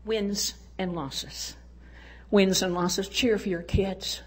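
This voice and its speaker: A woman's voice: medium pitch, fairly even intonation, slow, a little hiss or hum. An older woman giving a folksy, exuberant testimony talk at a church women's event, urging and cheering her listeners on. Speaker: women's conference speaker.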